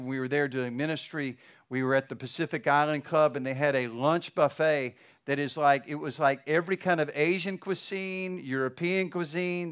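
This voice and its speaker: A man's voice: on the high side, a bit bright. A middle-aged man, a pastor, preaching a sermon with fervent, building emphasis.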